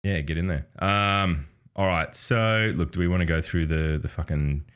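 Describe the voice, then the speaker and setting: A man's voice: deep voice, moderate pace, fairly bright tone, clean tone. A man with an Australian accent co-hosting a casual gaming podcast, swearing freely, laughing often and reading chat aloud. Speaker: podcast co-host.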